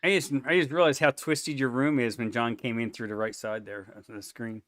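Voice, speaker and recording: A man's voice: mid-range voice, steady tone, brisk, a bit bright, dry recording, clean studio sound. A man chatting and joking easily on a live video call.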